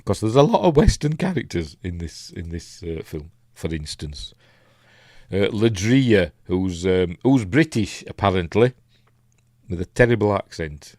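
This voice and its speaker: Low-voiced Yorkshire man rambling. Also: big pitch swings, unhurried, a little mellow, dry recording, clean studio sound. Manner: rambling and hesitant, many ums and restarts; chuckles at his own asides. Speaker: film reviewer hosting a live watch-along. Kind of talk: casual live commentary, reading chat.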